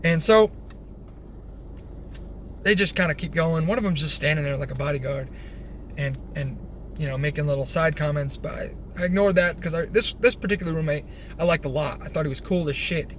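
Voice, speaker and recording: A young man telling a rambling personal story, animated, swearing freely and restarting his sentences. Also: on the high side, brisk. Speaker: vlogger. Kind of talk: casual storytelling. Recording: faint background noise.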